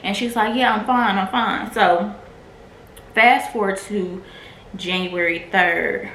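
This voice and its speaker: A woman's voice: mid-range voice, steady tone, slow pace, a bit bright. A woman vlogger candidly telling a personal testimony in a casual, filler-heavy way. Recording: echoey room with faint noise.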